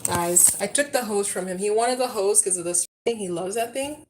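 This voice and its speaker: Speaking at a normal pace in a mid-range voice, a thirtysomething vlogger live streams from her backyard by the pool amid noisy surroundings. She keeps up a chatty patter with viewers while calling out and scolding her children in between.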